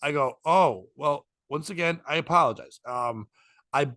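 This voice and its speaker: Bright-voiced man telling a story. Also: fairly high pitch, a little slow, no echo, clean studio sound. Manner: rambling, profane, acts out quoted voices. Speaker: podcast host and stand-up comic. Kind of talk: casual storytelling chat.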